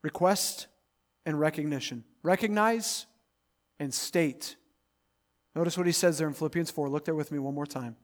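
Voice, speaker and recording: A pastor in his thirties preaching to his congregation, his voice sitting a touch higher than most men's. He climbs into loud, emphatic runs and then drops back to a soft, close tone. The delivery is a spoken sermon, direct and urging. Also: normal speed, long pauses. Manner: preaching, building to loud emphatic peaks then dropping quiet.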